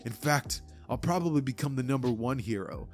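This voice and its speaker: A man's voice: medium pitch, expressive, brisk, creaky, faint music behind. A man voicing a timid, nerdy teenage boy who stammers and apologizes eagerly. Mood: earnest. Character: timid nerdy teen boy with hidden power.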